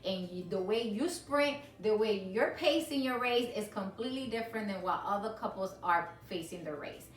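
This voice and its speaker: A woman's voice: mid-range voice, lively intonation, normal speed, few pauses. A woman co-hosting a faith-based marriage chat, speaking emphatically and acting out her own inner thoughts. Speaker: co-host of a marriage ministry show. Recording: roomy sound, mic at a distance, soft music.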